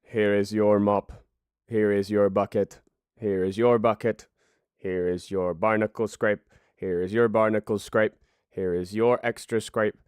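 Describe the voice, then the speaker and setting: A man voicing a curt French pirate crewman who barks slow, clipped orders in broken English, in a tabletop game. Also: on the low side, steady tone, darkish tone, clean tone, no room sound, clean studio sound, lightly acted.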